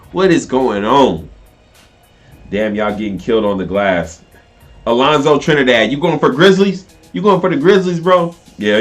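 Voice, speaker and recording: A man hosting a casual live stream, reacting to a game and reading viewer comments aloud, animated and talkative. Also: mid-range voice.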